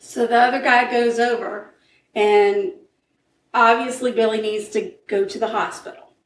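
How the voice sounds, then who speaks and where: A woman narrating a true crime case in a relaxed, conversational way, slipping into the characters' lines as she tells it. Her voice sits a little high, and it lands in a roomy space with the mic at some distance. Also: measured pace. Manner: animated retelling with acted-out quotes. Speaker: podcast co-host telling a true crime case. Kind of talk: casual storytelling chat.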